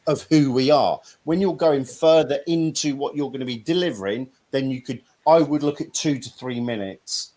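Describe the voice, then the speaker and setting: Middle-aged male host from Norfolk, England, blunt, chatty, mid-pitched. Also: moderate pace, hardly any pauses, darkish tone. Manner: blunt, chatty, mild swearing. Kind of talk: casual live-stream chat.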